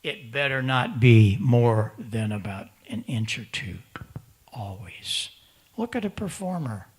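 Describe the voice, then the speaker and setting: A man's voice: medium pitch, expressive, slow, slightly rough. A man giving an emphatic conference talk to an audience of ham radio operators, repeating words for stress and acting out the voices of other hams. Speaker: presenter at a ham radio symposium. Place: conference room in front of an audience.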